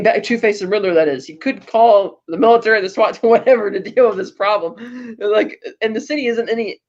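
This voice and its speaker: A woman co-hosting a podcast, recapping a film in a rambling, chatty way with lots of fillers and small laughs. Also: medium pitch. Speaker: podcast co-host. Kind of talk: casual film recap chat. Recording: dull lo-fi podcast audio.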